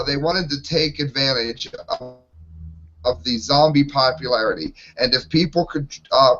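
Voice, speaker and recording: A man's voice: mid-range voice, a bit bright. A man ranting in an exasperated way while co-hosting an opinionated panel talk show, heard over lo-fi online call audio.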